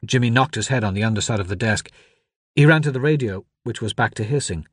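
Male audiobook narrator, measured and even, dry booth sound. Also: mid-range voice, husky, no echo. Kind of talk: scripted narration.

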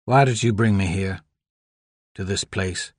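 A bitter, furious man demanding the truth, clipped and seething, slow and deliberate, as a male narrator plays him. The voice sits close and dry, like a storybook read in a quiet booth. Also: deep voice, slightly rough, no room sound.

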